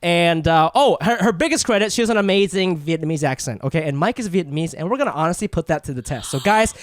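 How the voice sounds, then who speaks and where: A man co-hosting a podcast in casual chat, animated and laughing often, stammering as he restarts sentences. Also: a little high, fast talker, dry recording, studio quality. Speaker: podcast co-host.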